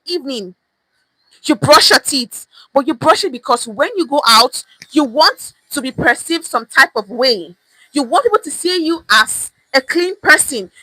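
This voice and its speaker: A Nigerian woman with a Nigerian accent coaches her viewers in Pidgin, her voice high and bright. She talks straight to the listener in an animated, casual way, repeating key phrases and slipping into Pidgin. The sound is dry and close. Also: no room sound, poor audio. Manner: addresses viewers directly, mixes in Pidgin. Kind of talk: casual teaching monologue.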